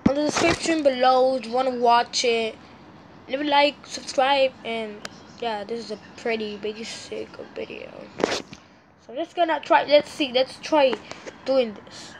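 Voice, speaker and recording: A woman's voice: high-pitched, a little slow, noisy background. A sleepy woman vlogger rambling through casual commentary, easily frustrated and talking straight to her viewers. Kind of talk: casual screen-recording commentary.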